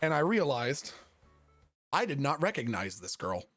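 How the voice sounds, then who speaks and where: A man's voice: mid-range voice, very animated, unhurried, fairly bright tone, shouting, soft background music. A young man, a streamer, telling a funny story in a casual, profane, self-mocking way.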